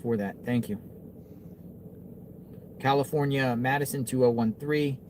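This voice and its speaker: A man's voice: medium pitch, a little slow. Male stream host, upbeat, repeats catchphrases, faint noise behind. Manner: upbeat, repetitive, reads viewer messages aloud. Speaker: livestream host. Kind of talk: casual livestream chat. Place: outdoors, then indoors.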